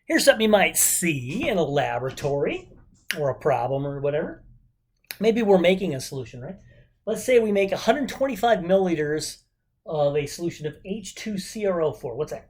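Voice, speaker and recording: A man with a fairly high, slightly mellow voice teaches an informal recorded chemistry lesson, talking fairly quickly with big swings in pitch. He's upbeat and chatty, regularly checking in with rhetorical questions.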